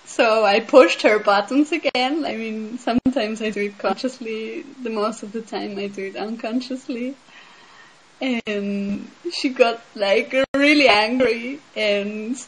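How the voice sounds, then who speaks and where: A Swiss woman with a somewhat high, husky voice shares personal insight in a casual spiritual talk, heard on a rough recording. She recounts her own experiences earnestly and reflectively, often filling pauses with "like" and "um".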